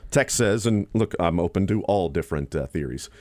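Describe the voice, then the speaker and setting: A man with a low voice talks through baseball on sports radio, thinking aloud and circling back with plenty of ums and uhs. The sound is close and dry, with no room around it. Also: lively intonation, a little fast, a little mellow, no room sound. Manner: rambling, thinking aloud with fillers.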